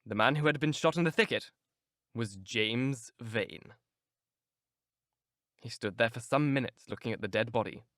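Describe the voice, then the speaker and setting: A man reading a classic novel aloud in measured, expressive scripted narration on a close mic. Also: mid-range voice, no room sound. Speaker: audiobook narrator.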